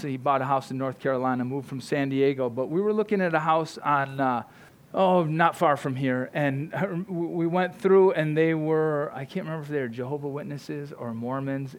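A man preaching a sermon, fervent and emphatic, often repeating words and tagging his points with "right?". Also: medium pitch. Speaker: pastor.

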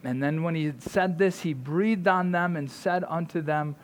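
A male pastor delivers a fervent sermon in a somewhat high voice. He stumbles over and repeats words as he builds up, and checks in with his listeners by asking "right?". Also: normal speed.

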